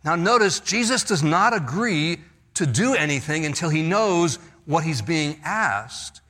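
A man's voice: fairly high pitch, expressive, measured pace, fairly bright tone. A man preaching a sermon, explaining scripture verse by verse and acting out the lines he quotes. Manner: expository preaching, reads scripture with emphasis; acts out quoted lines, laughs lightly. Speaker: pastor.

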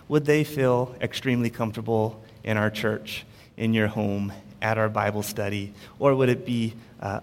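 A man preaching a sermon in a relaxed, conversational storytelling way, with frequent fillers. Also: mid-range voice, in a large hall.

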